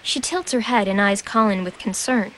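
A woman reading a scripted audio description of a film in an even, measured manner. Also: mid-range voice. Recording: narration over loud film noise.

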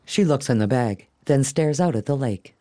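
Male audio describer, even and neutral, mellow tone. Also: medium pitch, normal speed.

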